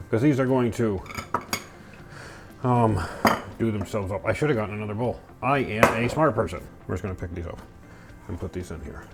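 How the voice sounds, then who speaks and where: A man's voice: lowish voice, vocal fry. A man chatting casually to himself while cooking in a small home kitchen, goofy and full of silly sound effects.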